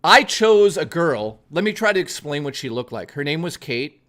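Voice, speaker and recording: A man's voice: a little high, very animated, normal speed, fairly bright tone. A male streamer telling a story to his live chat in a blunt, profane, chatty way, speaking straight to his viewers.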